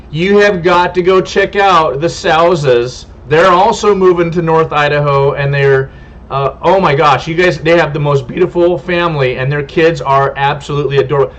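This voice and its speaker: Homestead livestream host, man from California, higher voice, friendly and rambling, dull lo-fi stream audio. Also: fairly bright tone. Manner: rambling and friendly, stumbles over names. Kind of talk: casual livestream chat, reading viewer comments.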